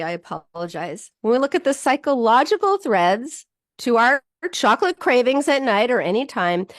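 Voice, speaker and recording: A middle-aged woman psychologist talking to viewers in a lively self-help style, acting out inner voices and joking at her own expense. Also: lowish voice, no room sound, studio quality. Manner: animated, self-deprecating, acts out inner voices. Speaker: psychologist and show host.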